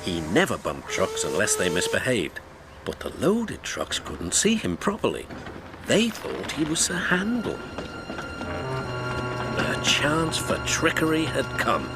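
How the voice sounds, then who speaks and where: A man's voice: mid-range voice, unhurried. A man narrating a children's storybook expressively, with music behind him. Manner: expressive, animated. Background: background music.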